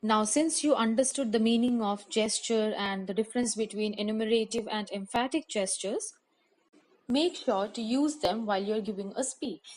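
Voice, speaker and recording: A woman teacher with an Indian English accent, giving a measured, scripted lesson on public speaking and listing her points one by one. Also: on the high side, darkish tone. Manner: measured, instructive, enumerating points.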